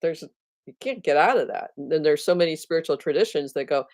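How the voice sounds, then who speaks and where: A woman's voice: sits low, animated, quick pace, darkish tone, dry recording. A woman hosting her own videos on spirituality, talking casually and reflectively to her viewers, thinking aloud with restarts and often laughing at herself. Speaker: spiritual teacher and video host.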